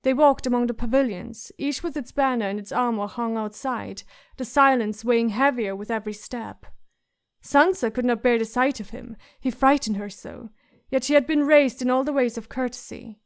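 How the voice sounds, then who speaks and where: A woman narrating a fantasy audiobook in a measured, even storytelling manner. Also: on the high side. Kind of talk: scripted narration.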